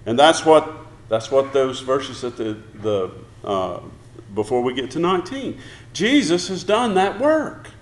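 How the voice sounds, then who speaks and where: A man's voice: medium pitch, very animated, unhurried, roomy sound. A man preaching a sermon in a church, putting questions to the congregation and acting out short prayers. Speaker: pastor. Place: church sanctuary.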